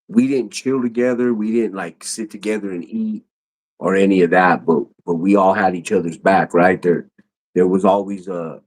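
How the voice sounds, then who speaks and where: A man who is a podcast guest, telling stories casually in loose, rambling street slang. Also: sits low. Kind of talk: casual storytelling.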